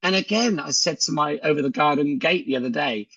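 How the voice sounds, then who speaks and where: A man's voice: on the high side, a little fast, creaky, a bit bright, slightly rough, no echo, muffled recording. A man giving a chatty sales training talk on a video call, telling stories and acting out conversations. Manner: chatty storyteller who acts out dialogue.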